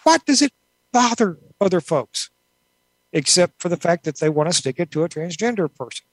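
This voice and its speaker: A woman's voice: on the low side, lively intonation, normal speed, no echo, rough recording. A woman author answering interview questions in a thoughtful, rambling way, with many asides. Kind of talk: casual conversational interview.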